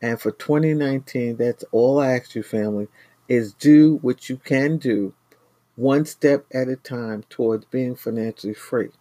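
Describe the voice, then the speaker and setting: A man's voice: mid-range voice, measured pace, dark tone, no room sound. Earnest man hosting a frugal-living show. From New York. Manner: earnest, repetitive, addresses listeners as family. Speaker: host of a money-saving show. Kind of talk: casual motivational talk to viewers.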